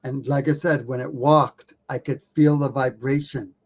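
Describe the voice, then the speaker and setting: A man in his usual middle-pitched voice spins a story as a podcast guest, lively and casual. He pokes fun at himself and drops a curse word here and there without a second thought. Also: normal speed. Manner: animated, self-mocking, swears casually. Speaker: podcast guest, documentary filmmaker.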